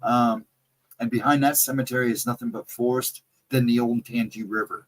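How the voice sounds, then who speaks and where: A man's voice: mid-range voice, steady tone, normal speed, low-quality recording. A middle-aged man with a Central Ohio accent, chatting casually on a livestream. He rambles through stories, reads out chat comments, and has trouble with his R and W sounds. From Central Ohio, near Columbus. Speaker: livestream co-host.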